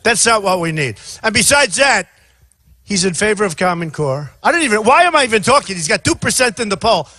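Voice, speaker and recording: A man in his sixties giving an off-the-cuff campaign rally speech outdoors, rambling and repetitive, often shouting to a crowd. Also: sits high, sing-song, brisk, dry recording. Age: 60s. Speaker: presidential candidate.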